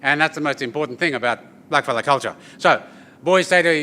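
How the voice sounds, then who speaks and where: A bright-voiced didgeridoo performer tells stories to an audience at an event venue, lively and joking, tagging lines to the crowd with "yeah?" His mid-range voice moves fairly quickly over slight background noise.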